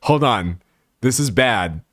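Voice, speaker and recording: A young man streaming, chatting casually and reading out chat, often laughing and slipping into high voices. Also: takes it slowly, no room sound, clean studio sound. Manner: animated, laughing, slangy, jumps into high voices.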